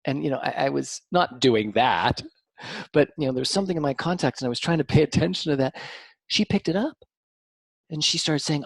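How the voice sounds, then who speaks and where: Animated husky man explaining. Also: fairly quick, no room sound. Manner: animated, swings from lively to soft and low. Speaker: guest, mind-body practitioner. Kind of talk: conversational explanation.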